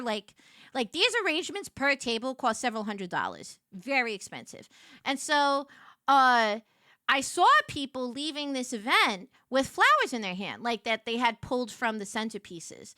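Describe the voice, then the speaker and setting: A woman streamer telling a story to her live chat, animated and quick to get loud when excited. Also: high-pitched, no echo, studio quality.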